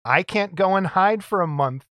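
A man's voice: high voice, moderate pace, a bit bright, no echo. A man co-hosting a podcast in casual banter, defending how he mumbles when nervous. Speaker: podcast co-host.

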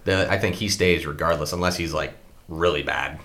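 A man's voice: very deep voice, a little fast, fairly bright tone. A man co-hosting a podcast, rambling and joking through a casual sports chat. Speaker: podcast co-host.

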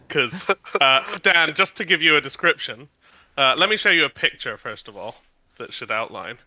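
Bright-voiced joking man playing a tabletop game. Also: mid-range voice, lively intonation, a little slow, low-quality recording. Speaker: player. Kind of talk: casual tabletop play.

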